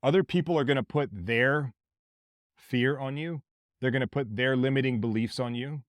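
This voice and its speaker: A man from Mississippi with a Southern accent, hosting a podcast as a blunt, forceful motivational monologue with plenty of swearing. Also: medium pitch, moderate pace, dry recording. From Mississippi, USA. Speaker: podcast host.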